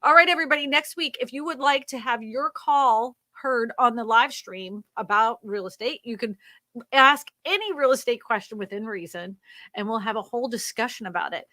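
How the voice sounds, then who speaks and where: A woman's voice: fairly high pitch, normal speed, sharp tone, no room sound. A woman hosting a real estate live stream. She reads viewer comments aloud and answers them in an emphatic, ranting way, laughing often.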